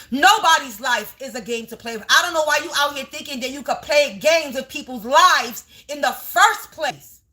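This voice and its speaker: Woman, high bright voice, spiritual reader on camera, emphatic and profane, repeats herself. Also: moderate pace. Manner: emphatic, repetitive warnings with frequent swearing. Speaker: tarot and energy reader. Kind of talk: spiritual reading vlog to camera.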